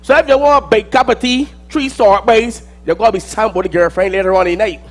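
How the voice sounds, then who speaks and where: High-voiced Barbadian man performing a monologue. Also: quick pace. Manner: theatrical, swings between loud outbursts and low mutters. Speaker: spoken-word performer. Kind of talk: dramatic spoken-word monologue.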